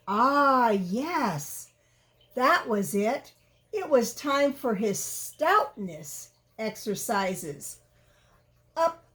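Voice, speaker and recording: Slow, sing-song woman reading a storybook. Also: on the high side. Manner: animated, asks the listener questions. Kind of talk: children's storybook read-aloud.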